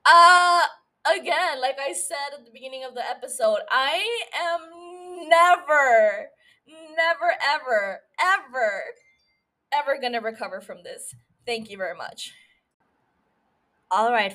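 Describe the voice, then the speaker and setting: A woman's voice: mid-range voice, pushed and bright. A woman hosting a casual solo recap podcast, emotional and profane as she tells the story. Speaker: podcast host.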